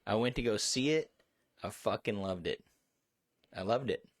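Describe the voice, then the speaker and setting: Low-voiced man, rambling and excitable. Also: normal speed, no echo, clean studio sound. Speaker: co-host. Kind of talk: casual chat.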